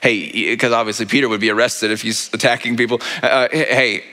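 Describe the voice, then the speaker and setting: A male pastor delivers a sermon in a loose, conversational storytelling manner, checking in with the congregation through rhetorical questions. His bright voice carries through a church sanctuary with a long, lingering reverb. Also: medium pitch, little pitch movement, fast talker. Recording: long reverb of a large hall.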